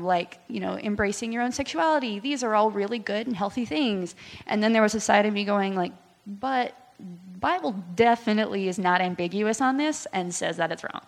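A young woman in her twenties giving a candid personal testimony in church, talking with many fillers and pauses. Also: medium pitch. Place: church hall. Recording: long hall reverb.

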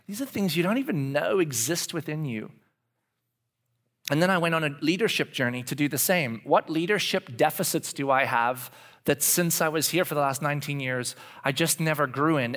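A man in his forties giving a confessional sermon as pastor, dropping to hushed whispers and rising to loud animated outbursts. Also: a little high, moderate pace. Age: 40s.

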